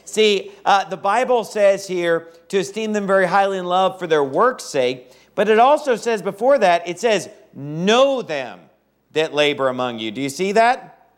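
A man's voice: high-pitched, animated, moderate pace. A man preaching a sermon, reading scripture aloud and emphatically repeating his key points.

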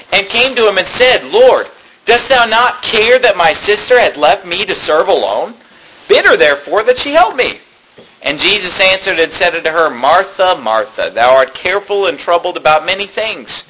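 A man's voice: high-pitched, pushed and bright, slight background noise, rough recording. A man preaching a sermon, reading scripture aloud and then explaining it in an earnest, conversational way. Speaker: pastor.

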